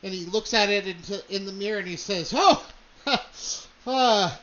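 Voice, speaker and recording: A man's voice: high-pitched, little pitch movement, fast talker, pushed and bright, highs cut off. A man narrating a tabletop game as game master, loose and hesitant, with many fillers.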